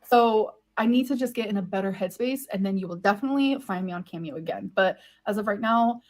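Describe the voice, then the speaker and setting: A woman's voice: medium pitch, fast. A woman in her thirties answering viewer questions in a casual vlog, rambling and putting herself down. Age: 30s. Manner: rambling and self-deprecating.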